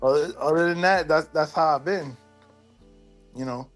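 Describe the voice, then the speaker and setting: A man's voice: fairly high pitch, normal speed, faint music behind. A man from New York with Dominican roots, a guest telling casual stories and acting out quotes. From New York, Dominican family. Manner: animated storyteller, acts out quotes. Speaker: interview guest, sneaker collector. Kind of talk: casual storytelling.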